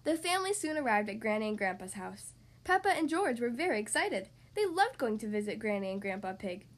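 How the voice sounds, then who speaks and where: A woman hosting a podcast, reading a children's story aloud in a cheerful, expressive way. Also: fairly high pitch, a little fast.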